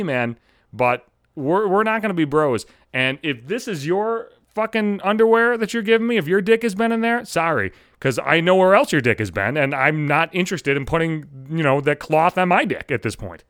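A man's voice: medium pitch, lively intonation, brisk, a bit bright, smooth, no room sound, studio quality. A man in his thirties hosting a solo podcast, ranting bitterly and swearing constantly in a sardonic way. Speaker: podcast host. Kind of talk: profane solo podcast rant.

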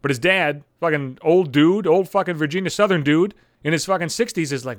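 Male podcaster, 30s, slightly high voice, fast sarcastic swearing rant, dry close recording. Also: expressive, a bit bright, dry recording. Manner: agitated, swearing constantly, sarcastic. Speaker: podcast host. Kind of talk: profane solo rant.

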